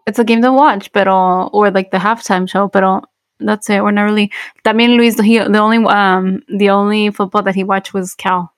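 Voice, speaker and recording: A woman's voice: medium pitch, steady tone, moderate pace. A woman co-hosting a podcast in casual chat, mixing Spanish words into her English. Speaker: podcast co-host.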